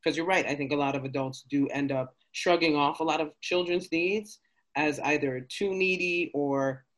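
A woman's voice: sits low, moderate pace. Effusive woman interviewer. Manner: effusive, gushing. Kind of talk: conversational interview.

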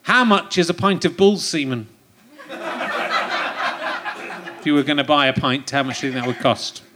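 A man's voice: a little high, lively intonation, normal speed, noisy background. A man with an English accent hosting a casual comedy podcast on a theatre stage, joking and laughing often. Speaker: podcast host. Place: theatre stage before an audience.

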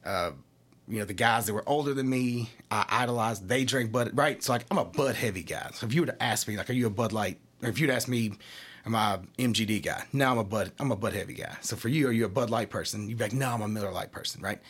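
A man's voice: fairly low pitch, quick pace, a bit bright, breathy edge. A man from Kentucky who represents a craft brewery, talking casually and explaining things through analogies and acted-out quotes. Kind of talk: casual chat.

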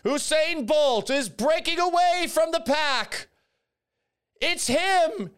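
A man putting on an overexcited male race commentator with shouty, exaggerated play-by-play. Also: very high-pitched, animated, slow pace, pitched above the performer's own voice, heavily acted. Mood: frantic.

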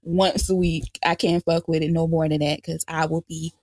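A young adult woman chats loosely on a podcast, loud and lively. She swears freely and laughs often. The recording is dry and close. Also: low voice, normal speed, dry recording. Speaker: podcast co-host. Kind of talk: casual podcast chat.

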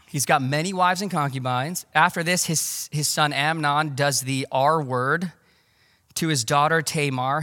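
A man preaching a sermon as pastor, conversational and animated, with casual asides. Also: on the high side, long reverb tail. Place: church.

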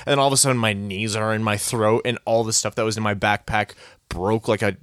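Animated ranting man, dry mic. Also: lowish voice, a little fast, no echo. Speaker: podcast co-host. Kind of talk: casual sports podcast chat.

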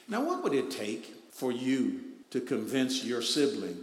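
A man's voice: medium pitch, sing-song, a little slow. Man preaching in an echoing sanctuary. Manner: preaching with rising emphatic bursts and repetition. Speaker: pastor. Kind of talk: sermon. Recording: echoey hall with long reverb.

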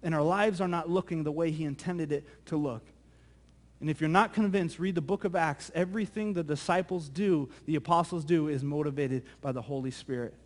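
A male pastor preaching a sermon, telling a story in a lively, conversational way that often repeats words. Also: fairly high pitch, brisk. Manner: animated, conversational, repeats words when excited.

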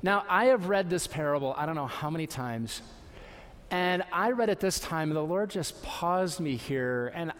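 A man preaching a sermon as a pastor, conversational, with lively asides and acted quotes. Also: a little high, in a large hall. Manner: conversational, warm asides, playful voices for quotes.

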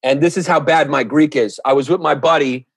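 A man's voice: fairly high pitch, a little fast, gravelly, slightly rough, no echo. A man guest on a podcast, telling comic stories and ranting crudely in casual chat. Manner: animated, crude comedic rants. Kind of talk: comedic storytelling in casual chat.

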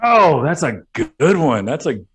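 Rambling, crude podcast co-host. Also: male voice, a little high, sing-song, a little slow, husky. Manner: rambling, crude, laughs often, swears. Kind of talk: crude comedic podcast banter.

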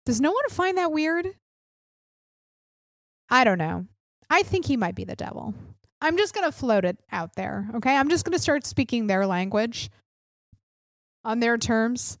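A woman's voice: high-pitched, dry recording, studio quality. A woman in her thirties hosting a political podcast, ranting bluntly and sarcastically with frequent swearing. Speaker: podcast host. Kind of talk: opinionated political podcast rant.

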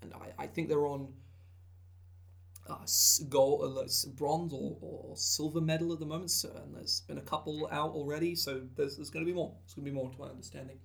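Rambling through a casual chat on tabletop game content, full of fillers and restarts, a podcast co-host talks briskly. His voice is on the high side, steady in tone, gravelly and fairly bright.

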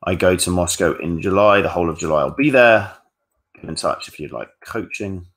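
A man with a notably low, deep voice talks straight to his viewers in a live-stream Q&A. He is blunt and casual, a dating coach who swears freely and keeps things frank. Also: fairly quick, fairly bright tone.

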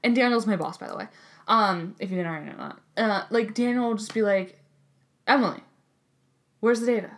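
A grad student in her twenties co-hosts a podcast, talking fast in a medium-pitched voice. The chat is casual and lively; she swears freely and acts out voices when quoting people.

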